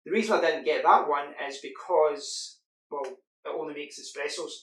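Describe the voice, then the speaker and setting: A man's voice: fairly high pitch, moderate pace, a bit bright. A man from the UK giving a casual, rambling product demo at home. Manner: chatty, rambling with fillers. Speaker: product reviewer. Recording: echoey room with faint hiss.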